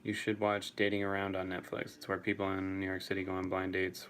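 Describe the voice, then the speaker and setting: A man's voice: sits low, completely flat delivery, brisk, fairly bright tone, a little hiss or hum. A young man answering chat casually on a live stream, swearing freely and laughing often.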